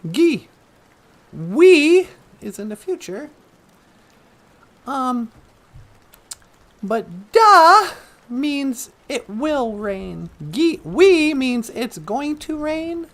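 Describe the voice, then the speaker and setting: A woman's voice: sits high, big pitch swings, extremely slow, long pauses. A woman hosting a comedic talk show, easygoing and playful, taking her time. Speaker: host.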